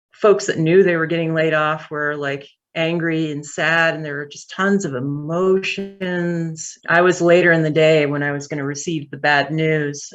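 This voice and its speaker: A woman who runs a tech company, telling a story in an interview, candid and animated, with fillers. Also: low voice, highs cut off.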